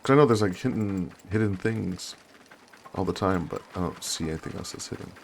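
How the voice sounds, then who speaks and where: Brief: a low-voiced man narrating a war game, deliberate reading, gravelly texture. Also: slight background noise. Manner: slow, deliberate reading, apologetic chatty asides. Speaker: gamer. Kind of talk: reading a story game aloud with asides.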